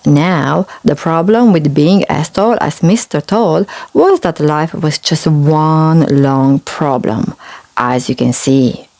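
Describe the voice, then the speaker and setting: A woman reading a children's picture book aloud, slow and expressive. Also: sits low. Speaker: storybook reader. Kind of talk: children's read-aloud storytelling.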